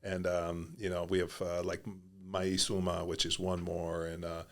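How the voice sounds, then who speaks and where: A man's voice: deep voice, monotone, a little slow, creaky, fairly bright tone. A man hosting a podcast in a casual, blunt and profane way, rambling through his thoughts. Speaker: podcast host.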